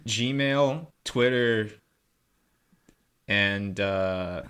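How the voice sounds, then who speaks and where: Co-host, male, lowish pitch, bright edge, dry deadpan humor. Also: extremely slow, clear, resonant tone. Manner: wry, deadpan, hesitant. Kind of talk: casual chat.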